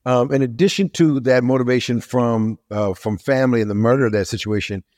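A male interviewer chats casually, feeling his way through long, loose questions padded with fillers. His voice is mid-pitched and sounds dry and close to the mic. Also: fairly quick, darkish tone, dry recording. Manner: rambling questions with fillers and backchannels.

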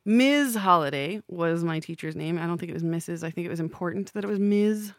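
A woman's voice: fairly low pitch, fairly even intonation, quick pace, dry recording, studio quality. A woman from the New York area with a slight lisp, rambling wryly through stories on a podcast. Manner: rambling, wry, swearing. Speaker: podcast co-host. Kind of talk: casual storytelling chat.

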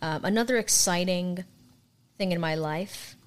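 A woman's voice: on the low side, a little slow, clean tone. Sarcastic young woman podcast co-host. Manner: dry, sarcastic joking. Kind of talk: casual chat.

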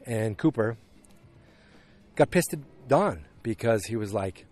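A man's voice: fairly low pitch, animated, takes it slowly, pauses often, darkish tone. A man casually recapping a TV episode, rambling with lots of fillers and restarts. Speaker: show recapper. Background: dogs barking.

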